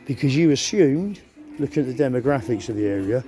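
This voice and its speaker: A man's voice: mid-range voice, animated, fairly quick, music in the background. A man giving a rambling, aggrieved, profane monologue straight to camera as a vlogger.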